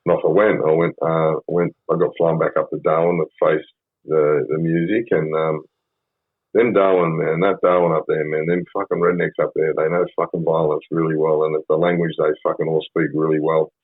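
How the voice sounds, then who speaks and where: A deep, husky Australian man in his fifties tells his story in a loose, swearing, rambling way. His voice sounds dry and close, with no room around it, and the recording has a narrow, phone-like sound. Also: little pitch movement, a little fast, no room sound. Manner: rambling, profane, frequent ums. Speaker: podcast guest. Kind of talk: casual storytelling interview. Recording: phone-like band-limited sound.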